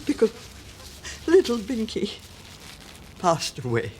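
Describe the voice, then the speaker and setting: A woman's voice: on the high side, wildly swooping pitch, slow pace, a little mellow, slight background noise, exaggerated voice. A performer playing a polite, nervous elderly woman shopper who is evasive. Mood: uneasy. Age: older. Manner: prim, evasive, politely uneasy.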